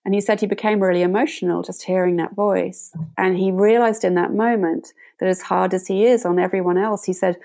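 A woman meditation teacher, a guest in an interview, telling a story in a gentle and reflective way. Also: lowish voice, fairly even intonation, moderate pace.

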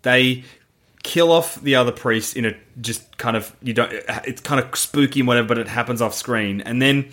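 A man's voice: mid-range voice, normal speed, a bit bright. Rambling man chatting about a film. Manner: rambling, restarts often. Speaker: podcast co-host. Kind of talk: casual chat reviewing a film.

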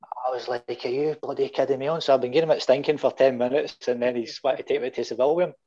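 Middle-aged Scottish guest, lively yarn-spinner, mid pitch, muffled audio. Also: male voice, fast. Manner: animated anecdotes with swearing and voiced quotes. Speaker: guest fan. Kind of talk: casual storytelling.

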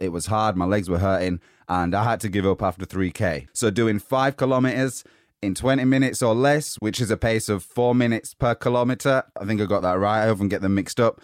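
A man hosting a motivational podcast, giving an upbeat, energetic pep talk while slightly out of breath. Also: lowish voice, no room sound, studio quality. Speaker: podcast host.

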